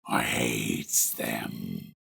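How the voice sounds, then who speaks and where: A deep snarling bugbear brute. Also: male voice, fairly even intonation, drawn-out words, creaky, bright, forceful tone, husky, no echo, studio quality, heavily acted. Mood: disgusted. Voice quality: snarly, growling from deep in the throat. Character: deep snarling hateful male bugbear boss.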